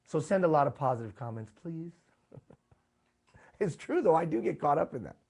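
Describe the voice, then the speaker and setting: Man, workshop presenter, live talk, emphatic, rhetorical questions, somewhat high voice. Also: very animated, normal speed, vocal fry, darkish tone. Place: live event room.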